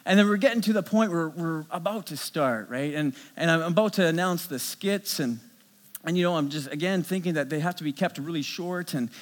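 A middle-aged man preaching a sermon as a pastor, telling stories in an animated way with many restarts. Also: fairly high pitch, a little fast, in a large hall.

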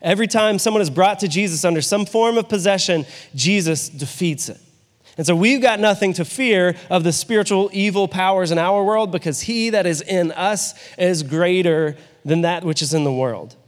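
A man's voice: sits high, normal speed, long reverb tail. A male pastor giving a sermon in a conversational way, often asking his listeners rhetorical questions.

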